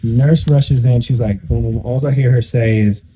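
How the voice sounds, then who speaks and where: A young man appears as a guest at a church conversation, sharing a personal testimony in a mid-range, steady voice with a dark tone at normal speed, over slight background noise. He tells it emotionally and vividly, acting out the people involved.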